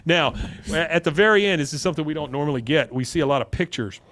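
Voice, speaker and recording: A man's voice: on the high side, expressive, fast, a bit bright. A man hosting a podcast, recapping a cartoon episode in casual chat with lots of "uh"s. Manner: rambling, with many fillers. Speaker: podcast host.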